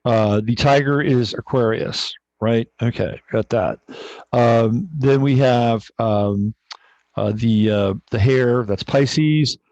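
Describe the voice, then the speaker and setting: A man's voice: medium pitch, slow pace, a little mellow, no room sound. A man hosting an astrology livestream, telling a story in a rambling, casual way, swearing and often correcting himself, on a dull, dry recording.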